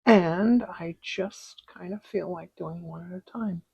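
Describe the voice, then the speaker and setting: A middle-aged woman hosting a relaxed embroidery tutorial from her craft desk at home, with soft, unhurried, chatty asides. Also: lowish voice, gravelly, husky, no echo, low-quality recording. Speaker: embroidery video host. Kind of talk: relaxed stitching tutorial chat.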